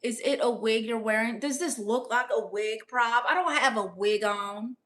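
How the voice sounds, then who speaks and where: Brash sassy woman riffing on a live stream, bright forceful voice, a bit high. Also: moderate pace. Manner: brash, sassy, playfully boastful. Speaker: livestream comedian reading chat. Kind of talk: comedic in-character livestream chat.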